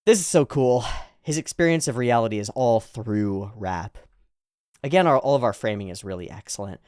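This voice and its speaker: A man's voice: mid-range voice, animated, moderate pace, a little mellow, smooth, dry recording, studio quality. A man giving casual, enthusiastic anime reaction commentary, chuckling often as he talks.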